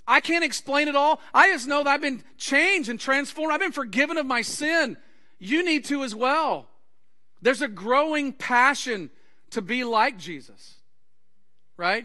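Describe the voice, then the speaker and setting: A male pastor preaching a sermon to his congregation, acting out anecdotes and quoted conversations with lively energy. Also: extremely high pitch. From Texas. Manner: animated preaching with acted-out anecdotes. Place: church sanctuary.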